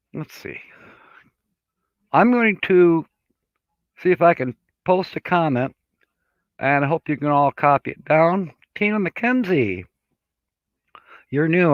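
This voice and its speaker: Slow, rambling man on a live stream. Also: mid-range voice, no room sound. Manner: rambling, chatty, reads viewer comments aloud; slow, easygoing delivery with many fillers. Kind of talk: casual live stream chat. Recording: dull lo-fi sound, dry room.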